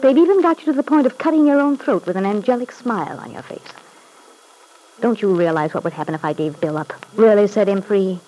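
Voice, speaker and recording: An actress playing a haughty, spoiled young wife from a rich family, talking back with cutting scorn in 1940s radio drama style. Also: female voice, mid-range voice, lively intonation, fairly quick, warm tone, close to an everyday voice. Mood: defiant. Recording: scratchy old radio broadcast.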